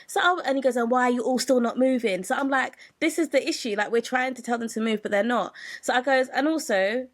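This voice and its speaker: A young woman, co-hosting a podcast in casual chat and telling a story with lively acted-out quotes and frequent laughter. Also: fairly high pitch, fast, few pauses. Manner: expressive storyteller, acts out quotes, laughs often. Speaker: podcast co-host.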